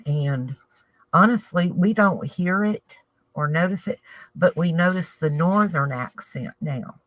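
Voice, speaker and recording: A Southern US woman talks a little slowly in a fairly low, expressive voice, caught on poor audio. She rambles casually to camera about her craft project, thinking aloud as she goes.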